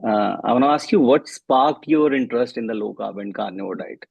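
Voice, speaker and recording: A man's voice: medium pitch, brisk, vocal fry, husky, no room sound, dull audio. A man, a health coach, asking interview questions in a hesitant, stumbling way.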